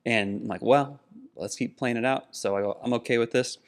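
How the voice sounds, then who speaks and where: A man's voice: mid-range voice, fairly quick. A middle-aged man co-hosting a podcast, telling a personal story earnestly in casual conversation. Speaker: podcast co-host.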